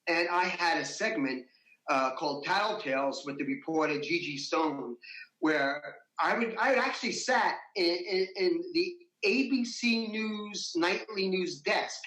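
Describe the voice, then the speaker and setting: A man, an interview guest, telling a story in a casual, animated way, his voice rising high when he gets worked up. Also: unhurried, reverberant, low-quality recording.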